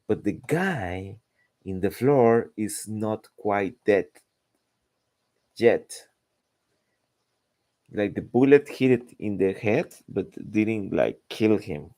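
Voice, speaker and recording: A man's voice: low-pitched, very slow, pauses often, a little mellow. A man chatting casually while drawing, rambling and searching for words. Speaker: artist narrating his drawing.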